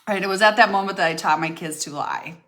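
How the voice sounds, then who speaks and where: A woman's voice: medium pitch, fast talker, fairly bright tone. An older woman telling her own life story to her followers in a chatty, candid way, full of fillers and restarts. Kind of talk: casual storytelling to camera.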